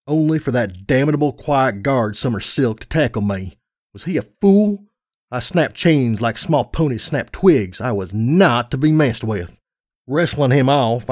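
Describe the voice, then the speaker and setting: A man's voice: mid-range voice, a little mellow, no echo. A man narrates a first-person fan story with earnest, dramatic delivery. His voice sits in a middle range, recorded close and dry.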